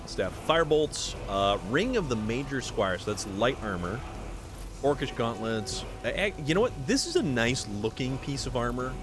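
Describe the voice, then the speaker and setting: A man's voice: moderate pace, over music. A man streaming a game live, chatting casually with his viewers and reacting to what happens on screen. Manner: animated, jumpy pitch with sudden high exclamations. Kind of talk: casual live gameplay commentary.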